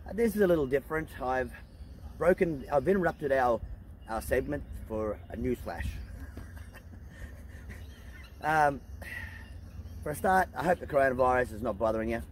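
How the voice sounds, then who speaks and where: A middle-aged Australian man vlogs about his homestead, talking casually to camera outside on the farm with goats around him and rambling earnestly through fillers and restarts. He speaks at medium pitch and normal speed with lively intonation and long pauses. The audio is poor, with a slight hiss or hum.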